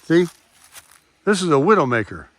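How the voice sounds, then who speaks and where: A man's voice: a little high, very animated, normal speed, fairly bright tone, no echo. An older man vlogging casually while hiking a wooded trail, chatting to viewers through his camera's built-in mic. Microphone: camera mic, no external microphone.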